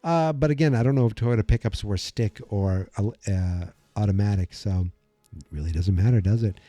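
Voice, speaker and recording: A middle-aged man hosts a podcast in a very dark, mellow voice, rambling casually through his thoughts with many restarts. The sound is dry and close, with no room around it. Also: on the low side, no echo. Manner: rambling, acts out movie lines in quick voices. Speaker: podcast host. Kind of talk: casual movie commentary.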